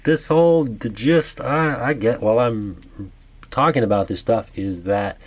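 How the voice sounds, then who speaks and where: A man with a New York accent reads a news article aloud, then muses about it in a halting way, full of restarts and fillers. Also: medium pitch. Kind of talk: reading articles and musing aloud.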